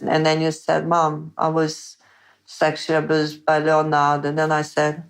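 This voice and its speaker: A middle-aged mother speaking in a personal interview, halting and repetitive. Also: low voice, completely flat delivery, creaky. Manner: slow, halting, repeats words.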